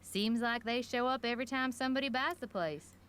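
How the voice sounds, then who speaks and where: A woman's voice: a little high, brisk, a bit bright, clean tone, close to an everyday voice. A woman doing a folksy small-town shopkeeper. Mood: gossipy. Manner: folksy rural drawl, colorful slang. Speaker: general store owner. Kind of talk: video game voice acting.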